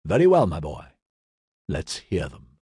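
A man reading the part of an older statesman who gives measured, fatherly counsel in an audiobook. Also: deep voice, breathy edge, dry recording, studio quality, voice pushed down, exaggerated voice. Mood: assured. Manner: calm, deliberate counsel.

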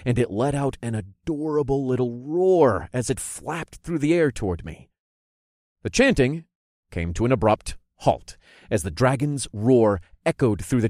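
A man's voice: medium pitch, no echo, studio quality. A man reading a first-person fantasy story aloud as an audiobook narrator, telling it expressively. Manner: expressive storytelling, voicing characters' lines.

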